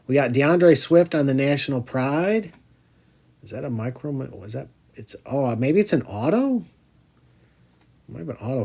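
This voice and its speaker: A man's voice: mid-range voice, dark tone. A man hosting a live card break, chatting as he calls out each card and groaning when a pack comes up empty.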